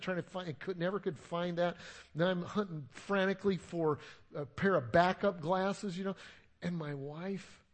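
A middle-aged man, a pastor, preaching a sermon in a conversational, self-deprecating storytelling way. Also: a little high.

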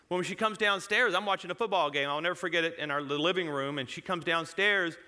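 Speaking fast with a slightly high voice, a man recounts a personal story to a congregation in an animated style, chuckling as he interrupts himself partway through sentences.

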